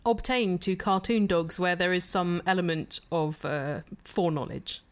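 A woman's voice: lowish voice, moderate pace. A woman co-hosting a casual comic chat, wry and teasing, dropping well-read asides. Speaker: podcast co-host.

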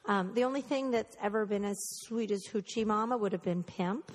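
A woman's voice: medium pitch, brisk. A woman co-hosting a casual chat, telling stories in an affectionate, chatty way. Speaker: show co-host. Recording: reverberant kitchen.

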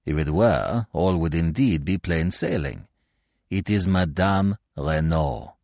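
A man's voice: low-pitched, lively intonation, takes it slowly, gravelly, darkish tone, dry recording, studio quality, exaggerated voice. A man voicing a fussy, self-assured older Belgian detective who lectures with precise, impatient logic in an audiobook reading. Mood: lecturing.

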